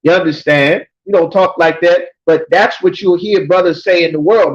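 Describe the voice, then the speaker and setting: A man teaching a scripture class, reading verses slowly and then explaining them emphatically, often checking with "you understand?". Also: high voice. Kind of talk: preaching scripture breakdown. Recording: dull lo-fi recording.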